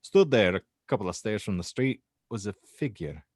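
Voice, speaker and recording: A young Scottish university student recounts a strange night, halting and restarting as he goes, with a man putting on the accent. The voice sits a little low. The sound is dry and close. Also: expressive, a little mellow, no echo. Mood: uneasy recounting. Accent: put-on Scottish. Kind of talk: dramatic reading of a horror statement.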